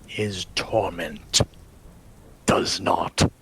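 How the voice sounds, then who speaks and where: A man's voice: fairly bright tone, heavily acted, rough recording. Man doing a whispering undead knight. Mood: grim. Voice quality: low gravelly whisper. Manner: slow, menacing and solemn. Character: grim undead male knight commander, bitter and vengeful.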